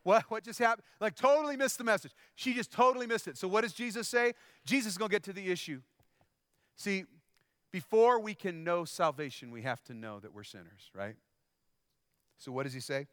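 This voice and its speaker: A man's voice: sits high, brisk, fairly bright tone, dry recording, clean studio sound. A man preaching a sermon in a conversational way, often asking the congregation questions. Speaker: pastor.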